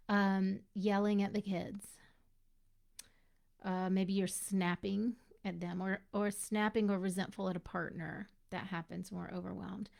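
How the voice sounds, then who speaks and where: A mother hosts a live-streamed coaching talk for other mothers, greeting her viewers by name and talking straight to them. Her voice has a steady gravelly fry running through it. She keeps a mid-range pitch and an easy, conversational delivery. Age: adult mother of young children.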